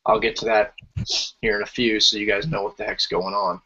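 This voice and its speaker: A man's voice: on the low side, little pitch movement, fairly quick, bright, forceful tone, slightly rough. Podcast host, man, chatty, reads out team lists, dull lo-fi audio. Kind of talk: casual podcast chat.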